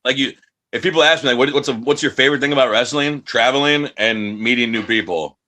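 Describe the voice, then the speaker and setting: Speaking at a quick pace in a mid-range voice that sounds pushed and bright, this US independent wrestler gives a laid-back interview. He's cocky and foul-mouthed, imitating the voices of people in his anecdotes.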